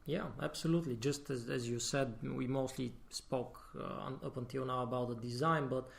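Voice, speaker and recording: A man's voice: mid-range voice, steady tone, normal speed, creaky. A man, a guest level designer, explaining his working process in a casual podcast discussion. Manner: explanatory, advice-giving.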